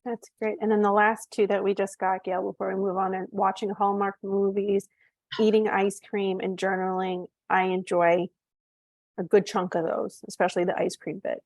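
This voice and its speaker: A woman moderating an online session adds friendly, brief comments. Her voice is mid-pitched and very dry. It comes through a video call microphone. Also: flat delivery, moderate pace, darkish tone, no room sound. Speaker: webinar moderator.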